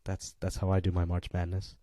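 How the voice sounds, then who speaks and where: A young man co-hosts a casual chat podcast, swearing freely and jumping into excited bursts. His voice is low and dark. The sound is dry and close. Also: brisk, no echo. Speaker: podcast co-host.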